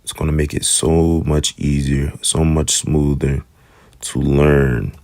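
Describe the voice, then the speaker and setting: A man with an African American English accent teaching the Hebrew alphabet in a casual lesson, slowly repeating each letter's sound. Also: rumbling low, flat delivery, vocal fry, a little mellow, no echo. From United States.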